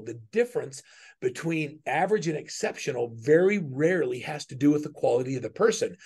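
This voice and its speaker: Gravelly husky middle-aged male coach. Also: mid-range voice, darkish tone. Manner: earnest, conversational teaching with frequent restarts. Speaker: business coach. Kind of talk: webinar talk with personal stories.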